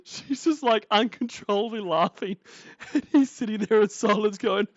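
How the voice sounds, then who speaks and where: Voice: medium pitch, moderate pace, no room sound, highs cut off. A streamer reacting to prank calls, swearing freely and breaking into helpless laughter. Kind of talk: casual live-stream commentary.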